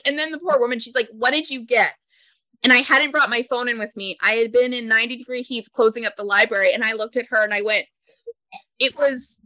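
A woman co-hosting a casual chat, retelling a story in a chatty way with laughter and halting restarts. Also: sits high, pushed and bright, no echo. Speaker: podcast co-host.

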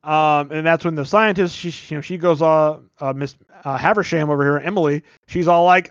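A man's voice: on the high side, steady tone, a little fast, hardly any pauses, clean tone, dry recording, lo-fi sound. A male podcast host casually recapping a movie, rambling with lots of fillers and the odd swear. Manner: rambling, filler-heavy retelling with frequent "like".

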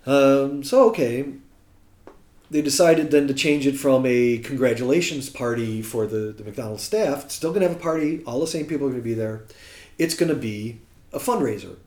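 American man telling a lively story. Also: mid-range voice, moderate pace. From United States. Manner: animated storyteller who acts out quotes. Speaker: guest musician. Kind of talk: casual anecdote telling. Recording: roomy echo.

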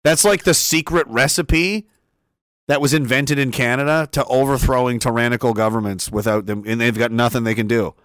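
A man talking on a casual livestream, excitable and profane, laughing often and restarting his sentences. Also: medium pitch, moderate pace, no room sound, clean studio sound. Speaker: streamer.

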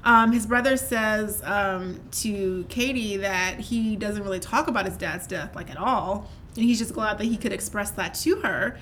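A woman's voice: medium pitch, slight background noise. A woman co-hosting a podcast, chattily retelling a reality show episode with lots of fillers. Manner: fast, animated retelling with many fillers. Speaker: podcast co-host. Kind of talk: casual recap chat.

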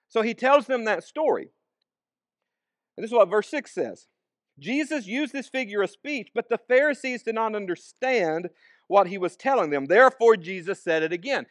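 A man's voice: sits high, expressive, moderate pace, no echo, studio quality. A man preaching a sermon, reading scripture aloud and then explaining it in an easygoing, conversational way. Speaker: pastor.

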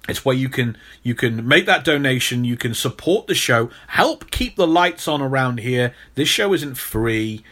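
Playful British man hosting a podcast. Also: medium pitch. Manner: playful, mock-stern and animated. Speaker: podcast co-host. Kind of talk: casual podcast chat.

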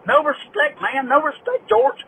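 A man's voice: very high-pitched, expressive, normal speed, a crowd in the background, rough recording. A man putting on a rowdy good-old-boy caller in a folksy, rambling, conspiratorial voicemail.

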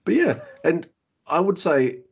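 A man's voice: on the high side, very animated, measured pace, vocal fry, husky, muffled recording. A man co-hosting a podcast in a laid-back casual chat, often stumbling and restarting his sentences. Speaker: podcast co-host.

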